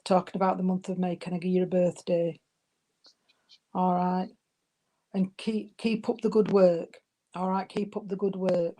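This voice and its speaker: A woman's voice: fairly low pitch, flat delivery, normal speed, pauses often. A woman, working as a spiritualist medium and giving spirit messages, calling her listeners darling and sweetheart. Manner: warm, calls people darling and sweetheart.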